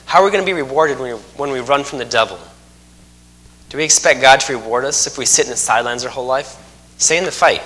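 Guy preaching, bright forceful voice, folksy and jokey. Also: medium pitch, fast talker. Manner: folksy, joking asides, emphatic repetition. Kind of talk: sermon.

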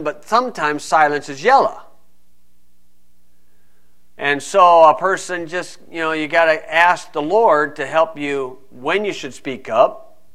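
A man's voice: on the high side, bright, forceful tone. A man preaching a folksy, conversational sermon full of asides. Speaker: pastor.

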